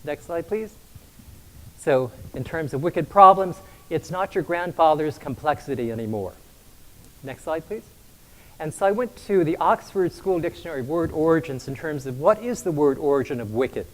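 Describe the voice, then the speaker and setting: A man's voice: on the high side, poor audio. A man giving a stage presentation with slides, telling stories to his audience. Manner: storytelling, asks for next slide. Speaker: conference presenter.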